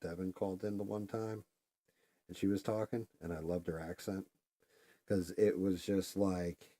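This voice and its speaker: A man chatting casually and profanely while he paints. He rambles and trails off into quiet muttering. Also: low-pitched, fairly even intonation, moderate pace, no echo. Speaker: streamer painting a figure. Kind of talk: casual chat while working.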